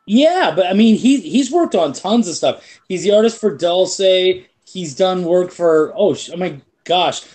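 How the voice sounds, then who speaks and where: A man with a notably high-pitched voice talks casually about his work as a comic creator. He tells his stories with lively energy and swears without hesitation. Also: unhurried, few pauses. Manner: animated storyteller who swears freely. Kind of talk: casual chat.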